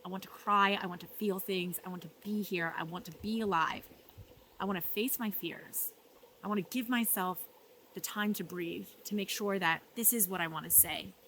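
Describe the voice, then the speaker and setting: A woman talking earnestly in a personal vlog, emotional and reflective, often dropping softly and laughing between thoughts. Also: lowish voice, moderate pace, slight background noise. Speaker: vlogger. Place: art residency.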